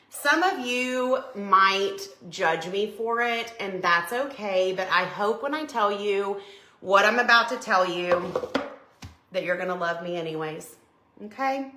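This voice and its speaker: A middle-aged woman hosting a crafting livestream, chatting excitedly with viewers as she works. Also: medium pitch. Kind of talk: casual live chat while crafting. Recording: echoey room.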